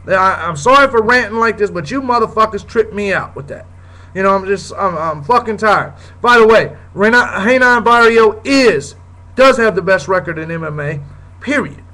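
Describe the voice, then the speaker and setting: A man's voice: sits high, lively intonation, moderate pace, sharp tone, rough recording. A man hosting his own show, delivering a heated, profane rant in a blunt, repetitive way. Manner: heated, blunt, swears often, repeats "you know what I'm saying". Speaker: show host. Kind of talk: profane ranting commentary.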